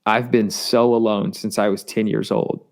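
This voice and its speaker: A man earnestly telling a personal testimony in an interview, halting and repeating words, his voice rising as he gets intense. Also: fairly low pitch, little pitch movement, gravelly, a little mellow. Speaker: guest sharing testimony.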